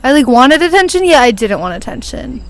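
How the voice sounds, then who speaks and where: A woman's voice: high-pitched, very animated, brisk. A woman in her twenties hosting a podcast, chatting and telling stories with lots of giggles, recorded outdoors on a porch. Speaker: podcast host. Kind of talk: casual chat.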